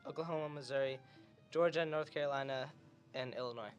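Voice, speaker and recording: A man's voice: mid-range voice, steady tone, fairly quick, dull audio, music in the background. A young man chatting casually on a podcast, speaking in a plain, matter-of-fact way. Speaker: podcast co-host. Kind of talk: casual chat.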